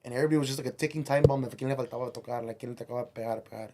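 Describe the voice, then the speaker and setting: A man's voice: medium pitch, fairly even intonation, racing, crowd noise. A man, a musician guest on a podcast, telling a rambling, profane story and slipping Spanish phrases into his English.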